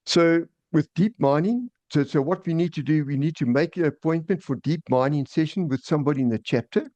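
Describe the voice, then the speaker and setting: A man's voice: fairly high pitch, a little fast, a little mellow, no echo, muffled recording. A man hosting an online meeting and presenting an agenda item, with frequent repeated words and restarts. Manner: repetitive, stammering restarts. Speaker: meeting host. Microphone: video call.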